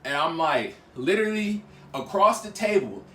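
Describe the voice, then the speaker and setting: A young man vlogging a casual storytime monologue in slangy, conversational talk. He is emphatic and acts out the dialogue, with big swings in loudness. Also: fairly high pitch, very animated, moderate pace, reverberant.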